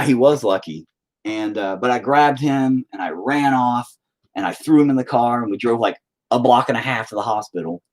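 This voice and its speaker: A man's voice: medium pitch, a little mellow. A man telling a rambling, profane story in a casual chat with his viewers. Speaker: streamer.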